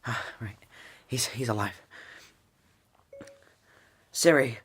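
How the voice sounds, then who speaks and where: A man rambling his way through a casual vlog, stumbling over names and restarting often. His voice sits at an ordinary pitch, and at times he plays up mock fright. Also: slow, fairly bright tone. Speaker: host. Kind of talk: casual vlog commentary and spoof skit.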